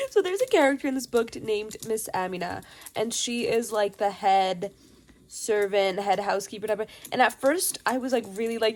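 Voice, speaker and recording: A woman gushing over a book in a review vlog, effusive, squealing and shrieking with excitement. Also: medium pitch, moderate pace. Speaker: book vlogger.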